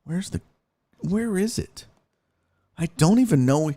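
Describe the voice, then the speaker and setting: A man's voice: sits high, lively intonation, slow, dark tone, faint music behind. A man hosting a sports livestream in casual chat, joking around with playful, crude banter while reading viewer donations. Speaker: sports show host.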